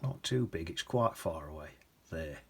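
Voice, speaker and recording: A man whose creaky, husky voice sits low chats through a watercolour lesson at a measured pace, his intonation lively. Now and then he drops into soft whispers and hums as he paints.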